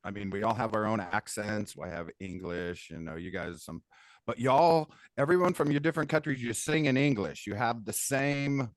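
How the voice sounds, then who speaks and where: A man's voice: on the low side, expressive, moderate pace, no room sound, studio quality. An American man chatting casually as a co-host, loose and laughing, with many restarts. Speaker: co-host reviewing songs. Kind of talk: casual chat.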